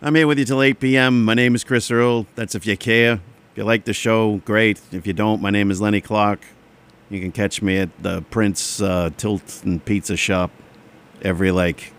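A man's voice: lowish voice, fairly bright tone. A man hosting a casual radio show, rambling and self-deprecating in an offhand way. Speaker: radio DJ host.

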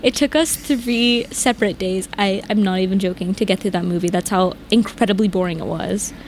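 A young woman co-hosting a casual chat, ranting animatedly with lots of "like" and big jumps in pitch. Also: brisk, a little hiss or hum. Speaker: podcast co-host.

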